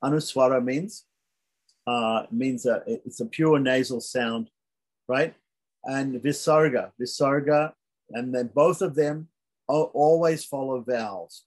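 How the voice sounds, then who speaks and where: A man teaching a beginners' Sanskrit lesson, patiently repeating each sound slowly so learners can follow. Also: medium pitch, darkish tone.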